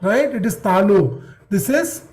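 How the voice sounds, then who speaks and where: A man leads an online class at an unhurried pace. He drills sounds one after another, repeating each one patiently. He keeps checking that his students have understood. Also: high voice, lively intonation, a little mellow. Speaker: teacher.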